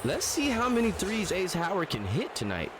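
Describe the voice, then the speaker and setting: Excitable male commentator over loud game noise. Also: high-pitched, normal speed. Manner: excitable, chatty, jokes and argues with the refs. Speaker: play-by-play commentator. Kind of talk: live sports commentary over a video game.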